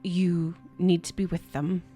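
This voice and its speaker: A woman voicing a composed noble woman ruler who gives orders in a measured, sometimes hushed way, with faint music behind. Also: fairly low pitch, little pitch movement, natural voice. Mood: earnest.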